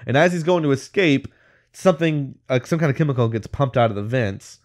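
He's an animated podcast co-host with a mid-range voice who speaks fairly quickly, casually going through a movie scene after scene. Filler like "like" and "whatever" fills his rambling, and he laughs mid-sentence.

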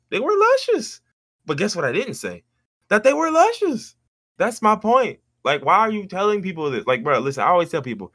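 Animated man telling a rambling workplace story. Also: no room sound, clean studio sound. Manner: animated, jumps into high mimicking voices for quotes. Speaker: podcast co-host. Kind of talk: casual storytelling chat.

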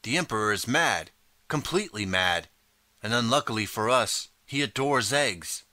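A man's voice: medium pitch, lively intonation, normal speed, dry recording. A man voicing a bitter old male slave who speaks sharply in an audiobook story. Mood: grim. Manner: frowning, sharp replies.

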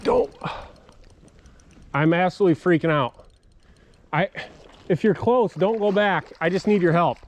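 A man filming himself outdoors on a river while fishing, talking excitedly to his viewers and calling out to a friend. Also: high-pitched, unhurried, long pauses. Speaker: fishing vlogger.

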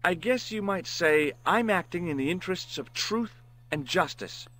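This is a dry, quick-witted game detective, his voice a little high and swinging about in pitch. He pokes at witnesses with deadpan sarcasm. The delivery is scripted and crisp, like a classic adventure game cutscene. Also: poor audio. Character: wry American male tourist sleuth, persistent.

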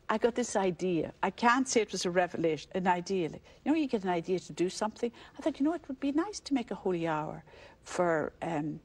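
An older Irish woman, a religious sister, telling her story in a relaxed interview. Her voice is husky and a little breathy, with a middle pitch, and she slips into the voices of the people she talks about. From Ireland. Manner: animated storyteller who acts out the voices in her story and laughs often.

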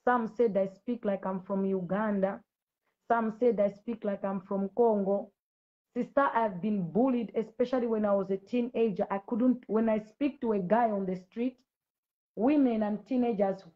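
Fervent preaching woman, muffled sound. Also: medium pitch. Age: late 30s. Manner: fervent, preachy, scolds commenters directly. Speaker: Christian ministry host. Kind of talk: impassioned live-stream testimony.

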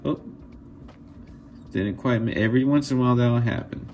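A man making jewelry, talking casually to his viewers in a vlog, excited and marvelling, laughing often as he shows pieces. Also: mid-range voice, normal speed, a little hiss or hum. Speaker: jewelry maker.

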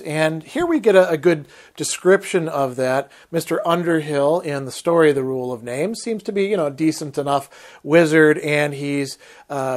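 A man giving a literature lecture, thinking aloud with hesitant restarts and reading passages aloud. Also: on the high side.

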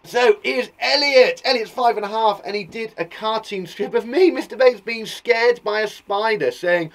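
A young English man teaching young children, bubbly and animated as he reads out their work. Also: sits high, moderate pace, few pauses. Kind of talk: lively children's lesson.

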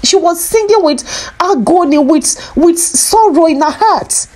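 A woman's voice: very high-pitched, expressive, a little slow, a little mellow. A woman talking to her viewers in an emotional vlog, earnest and pleading, repeating herself often. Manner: emotional, sorrowful. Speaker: vlogger.

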